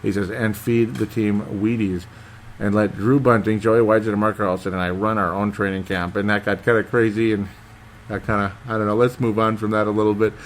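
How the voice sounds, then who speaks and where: A man's voice: lowish voice, little pitch movement, a little fast. A man hosting a casual sports podcast, reading listener comments aloud and reacting in a rambling way. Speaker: podcast host.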